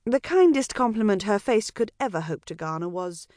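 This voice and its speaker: A woman narrating an audiobook in a wry, measured storytelling manner. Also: medium pitch, animated, a little mellow, no room sound, studio quality. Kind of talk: scripted narration.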